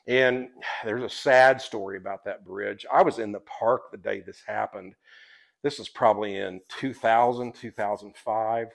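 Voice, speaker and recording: A man's voice: lowish voice, fairly even intonation, measured pace, vocal fry. A man who guides visitors and writes a guidebook. He tells stories in a rambling, chatty way and often breaks into laughter. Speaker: tour guide and guidebook author. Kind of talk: casual podcast storytelling.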